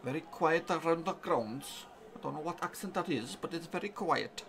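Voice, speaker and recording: Excitable gravelly football fan. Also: male voice, fairly high pitch, normal speed, a little hiss or hum. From England. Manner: excitable, urging the team on. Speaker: fan reaction streamer. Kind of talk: live football reaction commentary.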